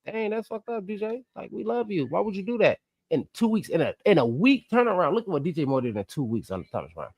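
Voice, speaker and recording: A man co-hosting a sports podcast, ranting excitably and swinging between loud outbursts and quiet asides. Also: sits high, fast, husky, dry recording, clean studio sound. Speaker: podcast co-host. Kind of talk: animated sports podcast chat.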